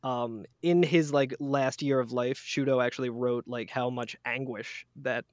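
A man's voice: medium pitch, fairly even intonation, unhurried, no room sound. Rambling man on a podcast, dry sound. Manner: rambling, many fillers and restarts. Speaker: podcast guest. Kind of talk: casual podcast chat.

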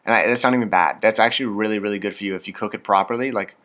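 A man's voice: on the low side, very fast, a bit bright. A man in his twenties with a Canadian accent, hosting a casual solo podcast, rambling and self-deprecating with lots of fillers. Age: 20s. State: hyped up on coffee. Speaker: podcast host.

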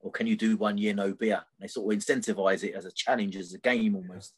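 A middle-aged man speaks in a somewhat low voice as a podcast guest. He tells his story candidly and loosely, with many fillers and frequent "right?" tags. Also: fairly even intonation, fast, breathy edge.

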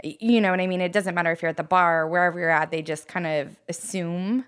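A woman's voice: lowish voice, steady tone, quick pace, clean tone. A young woman hosting a casual podcast, bubbly and laughing often. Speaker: podcast host.

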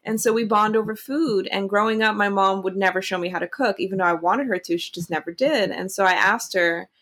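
A woman in a casual interview, hosting her own show. She talks in an animated, excitable way, her voice sitting at an ordinary middle pitch. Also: a little fast. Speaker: podcast host.

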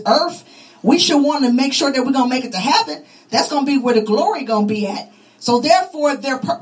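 A woman's voice: sits high, low-quality recording. A woman preaching a sermon, fervent and repetitive, her voice rising and falling with emphasis.

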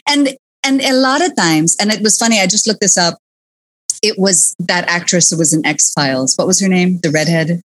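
A woman from the Philippines hosts a casual discussion in a lowish voice. She talks in a lively, chatty way and slips Filipino words into her English. The recording is close and dry, with no room sound. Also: moderate pace, no room sound. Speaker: podcast host.

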